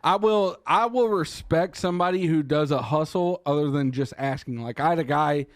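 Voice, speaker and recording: A man's voice: fairly high pitch, normal speed, no echo, studio quality. Profane, storytelling man. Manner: profane storytelling, laughs often. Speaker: podcast co-host. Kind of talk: casual chat.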